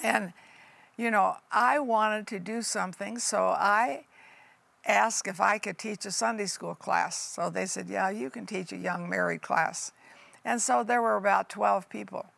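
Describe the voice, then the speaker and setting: Older woman, pastor, folksy emphatic sermon, slow delivery, gravelly voice. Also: medium pitch, a bit bright, no echo. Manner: folksy, emphatic, addresses listeners as honey and folks. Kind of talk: sermon testimony.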